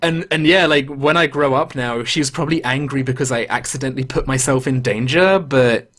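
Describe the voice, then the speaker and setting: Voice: medium pitch, brisk, fairly bright tone. A podcast host, telling a story in casual chat and swearing freely.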